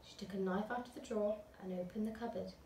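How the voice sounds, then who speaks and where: A woman, a nursery teacher, reading a picture book aloud to young children with gentle, chatty asides. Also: mid-range voice, steady tone, fast talker, a little hiss or hum. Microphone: camera at a distance. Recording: echoey room, filmed from a distance.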